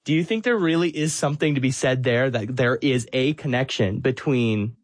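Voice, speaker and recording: A male interviewer asking a long question, measured and searching for his words. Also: medium pitch, no echo.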